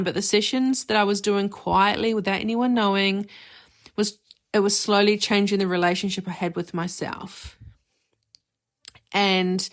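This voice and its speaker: A woman's voice: mid-range voice, gravelly, fairly bright tone. A woman hosting her own podcast, talking openly as a therapist about her experience. Her speech is candid and conversational, with casual "like" and "you know" fillers. She speaks as a reflective, personal monologue.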